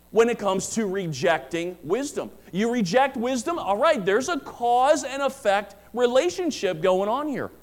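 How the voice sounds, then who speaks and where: A middle-aged man preaching a sermon as pastor, emphatic and repeating key phrases. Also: high-pitched.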